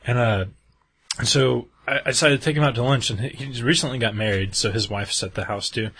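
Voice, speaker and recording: A man with a husky voice telling stories in casual chat, acting out quotes and laughing often. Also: medium pitch, fairly quick, fairly bright tone.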